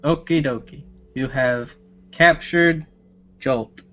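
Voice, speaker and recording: A man's voice: mid-range voice, slow, pushed and bright, lo-fi sound. A man running a tabletop game as game master, narrating in a loose, joking way.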